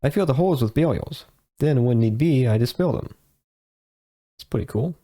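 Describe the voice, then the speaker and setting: A man's voice: medium pitch, expressive, normal speed, warm tone, natural voice. A man reading a cheerful woman mage. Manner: plain read-aloud delivery.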